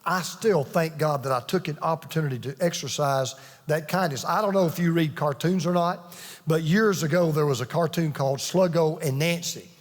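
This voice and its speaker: A man's voice: a little high, normal speed. A man preaching a sermon as pastor, telling stories earnestly and pressing his points with emphatic repetition. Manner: earnest storytelling, emphatic with restarts. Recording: long reverb of a large hall.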